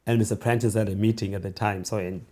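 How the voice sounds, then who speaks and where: A South African man in his forties, an author being interviewed, telling stories from his childhood in a reflective way, with restarts and pauses. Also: lowish voice, steady tone. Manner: reflective, halting restarts, slowing into hushed storytelling. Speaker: author and guest. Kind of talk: conversational interview storytelling.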